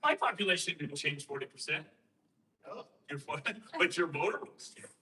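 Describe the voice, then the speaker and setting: Bright-voiced man explaining emphatically. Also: on the high side, animated, normal speed, recorded from a distance, low-quality recording. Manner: emphatic, rhetorical questions, acts out quoted voices. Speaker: guest speaker on election systems. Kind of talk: explaining and storytelling to a host.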